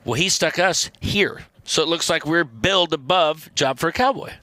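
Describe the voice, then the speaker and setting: A man guesting on a podcast, telling animated, profane band stories in casual chat. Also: fairly high pitch, moderate pace, dry recording. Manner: animated, profane, acts out quotes in loud voices. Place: podcast studio.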